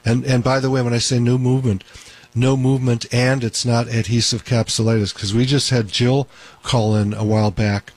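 A man's voice: mid-range voice, little pitch movement, moderate pace, darkish tone. A man hosting a call-in radio show as a doctor, talking in an emphatic, repetitive way. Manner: talkative, emphatic, repeats points.

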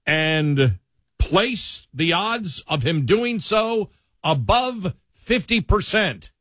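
A man's voice: high voice, lively intonation, very slow, a bit bright, no echo, studio quality. A man with a Buffalo accent hosting talk radio, bantering in an easygoing, casual way.

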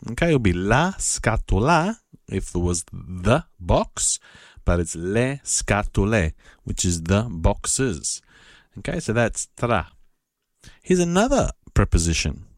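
A man giving a patient, casual spoken lesson, repeating words slowly and spelling them out. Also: on the low side, very animated, no room sound, studio quality. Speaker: Italian language teacher.

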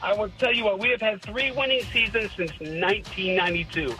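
A man from West Virginia calling in to a radio show with a high, bright voice, earnest and slow to reach his point. His voice comes over a phone line with faint music behind. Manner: earnest, slow to get going. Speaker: caller.

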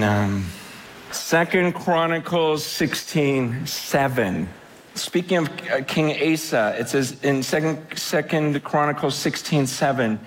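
A man preaching a conversational sermon, animated and chatty, often repeating his words and laughing. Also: on the high side, a little hiss or hum. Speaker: pastor.

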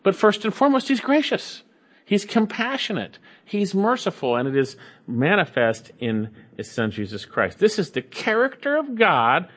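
A man preaching a sermon, reading scripture slowly and repeating key phrases with emphasis. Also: high voice, huge pitch swings, a bit bright. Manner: reads scripture slowly and deliberately. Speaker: pastor.

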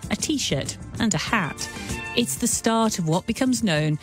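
A woman presenting a radio documentary in brisk, lightly playful scripted narration, sometimes asking her guest questions. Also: medium pitch, lively intonation, over music.

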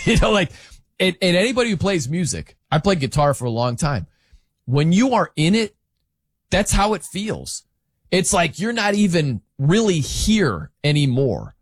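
A man's voice: a little high, very animated, normal speed, husky, no room sound, studio quality. A man hosting sports talk, giving opinionated, emphatic commentary that rambles with restarts.

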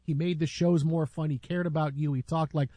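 A man's voice: fairly high pitch, fairly even intonation, a little fast, mellow, no echo. A man hosting a casual sports talk show, rambling with many restarts as he tells stories about a colleague.

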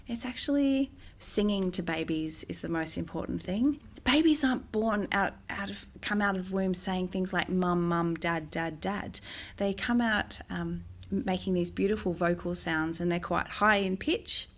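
A middle-aged woman, a music therapist, answering interview questions in a gentle, measured way with frequent "um" pauses. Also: fairly low pitch.

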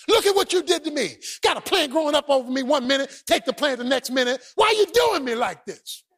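A man acting out an aggrieved, self-pitying prophet who complains quickly and indignantly. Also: very high voice, expressive, fairly bright tone.

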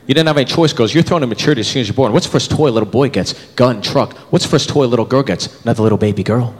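A man in his thirties performing a stand-up comedy set, animated and jumping into character voices. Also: medium pitch, fast. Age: 30s. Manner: animated, switches into voices for bits. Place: comedy club stage with live audience. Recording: reverberant club, audience laughter, room noise.

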